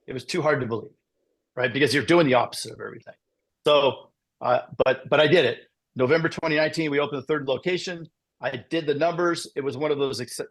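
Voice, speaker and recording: A middle-aged man giving a casual motivational talk to insurance agents, telling his story with lively asides. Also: mid-range voice. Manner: animated storytelling with frequent "right?" asides. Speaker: business speaker presenting to agents.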